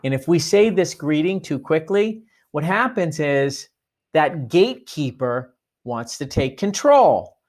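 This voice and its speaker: A man's voice: on the high side, big pitch swings, measured pace, darkish tone. A man giving a sales training talk, coaching listeners and acting out sample phone greetings. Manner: coaching, demonstrates phone lines.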